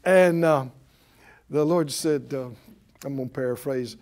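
A man's voice: medium pitch, a little slow, pauses often, darkish tone. A man preaching a sermon as a Bible teacher, emphatic and folksy, repeating key words and chuckling often.

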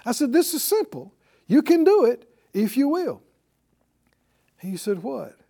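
An older man delivers a sermon in a high-pitched voice. He swings his pitch widely as he preaches and calls on the congregation to answer him back. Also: unhurried. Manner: animated, call-and-response with congregation. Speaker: pastor.

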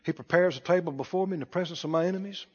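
A man preaching a sermon in call-and-response style, building to shouted emphasis. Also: high-pitched, racing, in a large hall, dull audio. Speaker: pastor.

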